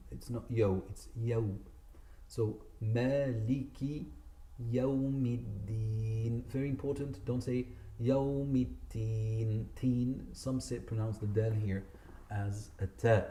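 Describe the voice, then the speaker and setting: This teacher's mid-range voice is mellow and fairly even in intonation, and he takes his time. In an echoey community centre room, he instructs on Quran recitation, patiently correcting common errors and stretching the words he demonstrates.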